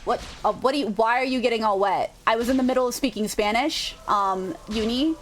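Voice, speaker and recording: A woman chatting casually on a game livestream, giggling often between her remarks. Her voice sits high, with game music faintly in the background. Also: brisk. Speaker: streamer.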